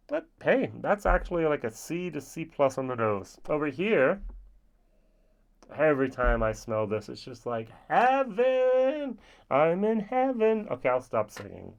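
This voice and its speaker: Chatty European man reviewing whiskey. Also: medium pitch. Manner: chatty, with playful asides. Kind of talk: casual spoken review.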